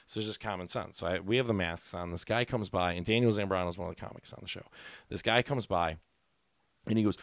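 Profane, animated male comedian storyteller. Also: sits low, fast talker, no echo, clean studio sound. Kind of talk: casual podcast chat.

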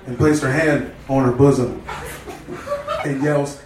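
A man reading a story aloud at a live comedy show, deadpan, with stumbles and asides. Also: medium pitch, a little slow, pauses often. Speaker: comedy reader. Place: live comedy stage indoors. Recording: echoey room, distant mic, noisy.

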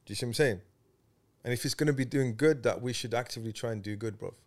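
A man hosting a casual podcast chat, animated and slangy, getting loud when excited. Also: mid-range voice, quick pace. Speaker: podcast host.

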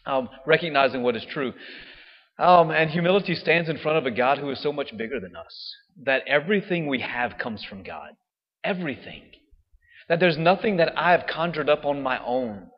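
A man's voice: fairly high pitch, lively intonation, moderate pace. A man giving a casual homily, chatting with the congregation and often adding "right?" to his points. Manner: conversational, frequent "right?" tag questions. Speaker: priest. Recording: dull sound with long hall reverb.

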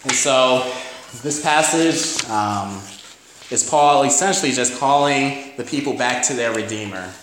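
A man's voice: medium pitch, unhurried, fairly bright tone, a little hiss or hum. A man with a New York accent preaching a sermon in a conversational way, with frequent "you know" and calls of "amen?". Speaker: pastor. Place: church. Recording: very echoey church hall.

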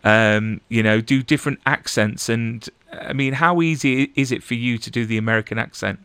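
A man's voice: medium pitch, normal speed, fairly bright tone, clear, resonant tone, dry recording. A young man hosting an interview in casual chat, stammering and repeating syllables as he talks. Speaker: interviewer host.

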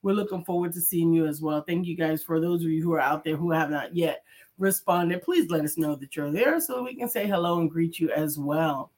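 Low-voiced woman co-hosting a talk show. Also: brisk, darkish tone. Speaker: co-host. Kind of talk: casual morning talk show.

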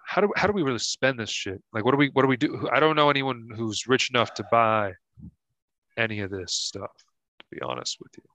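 A man's voice: medium pitch, lively intonation, a little fast, sharp tone, no echo. A man co-hosting an improvised comedy podcast who stammers, restarts lines and sounds incredulous. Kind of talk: improvised comedy sketch banter.

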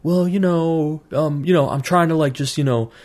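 A man's voice: fairly high pitch, moderate pace, a little mellow, voice pushed up, lightly acted. A man imitating a hesitant would-be dancer who hedges and fills every phrase with "you know". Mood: sheepish. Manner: hedging, filler-heavy. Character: hesitant young would-be dancer, all talk.

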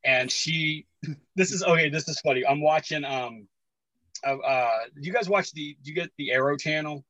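A man in his forties, a podcast guest, telling animated stories in casual chat, acting out voices and laughing often. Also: fairly high pitch, normal speed, no room sound, low-quality recording. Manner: animated storyteller, acts out quotes, laughs often.

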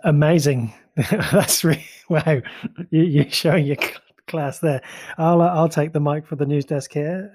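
A man's voice: a little high, a little slow, darkish tone, no echo. A man co-hosting a podcast, reading pop-culture news in a chatty, rambling way with many fillers. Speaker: podcast co-host.

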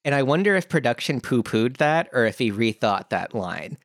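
A man's voice: mid-range voice, big pitch swings, normal speed, no echo, clean studio sound. A man co-hosting a podcast, chatting animatedly about a reality show, swearing casually and acting out quotes. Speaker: podcast co-host.

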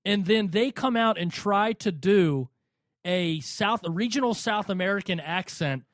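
A man co-hosting a casual boxing podcast, animated and quick to laugh as he mocks how names get pronounced. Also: high-pitched, no room sound, studio quality. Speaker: podcast co-host.

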